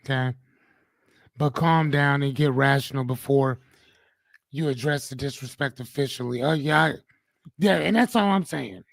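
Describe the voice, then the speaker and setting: A man hosting a live coaching stream, reading viewer comments and answering them in an animated, joking, slangy way. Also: fairly high pitch, vocal fry, no room sound. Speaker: host and coach.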